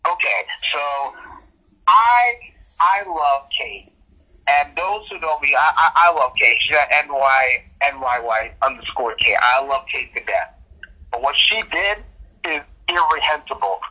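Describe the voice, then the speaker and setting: A man co-hosts a casual podcast and tells his story with animated indignation. His voice is husky and very bright. The audio sounds tinny, like a phone line. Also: medium pitch, moderate pace. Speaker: podcast co-host.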